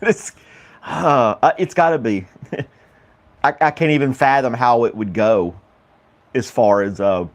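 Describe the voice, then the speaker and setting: Casual morning host, an American man at home, rambling with lots of ums and quick laughs. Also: medium pitch. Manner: rambling, laughs often, many fillers. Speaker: morning talk show host. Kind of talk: casual chat with live chat viewers.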